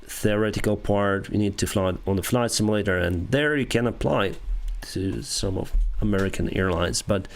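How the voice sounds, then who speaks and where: A man in his thirties with a Ukrainian accent, an airline pilot chatting casually with viewers on a live stream in halting English. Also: fairly low pitch, gravelly. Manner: halting non-native English with restarts and soft laughs.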